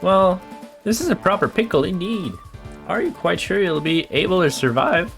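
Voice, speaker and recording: A man's voice: high voice, expressive, normal speed, gravelly, fairly bright tone, faint music behind, voice pushed up, full character voice. A man voicing a polite, fussy, genteel professor who speaks in courteous, old-fashioned phrases.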